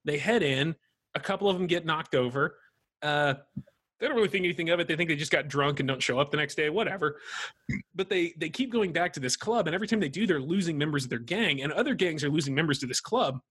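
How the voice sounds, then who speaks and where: A man's voice: a little high, lively intonation, fast, a bit bright, slightly rough. A man co-hosting a movie podcast in casual chat, joking, swearing and breaking into funny voices. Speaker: podcast co-host.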